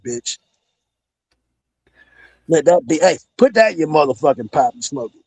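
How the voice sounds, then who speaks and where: A man's voice: a little high, expressive, moderate pace, gravelly, darkish tone, slightly rough, no echo. A man, a former pro wrestler, delivering a heated, profane, menacing promo-style rant as a podcast guest. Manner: menacing, profane, repeats "bro".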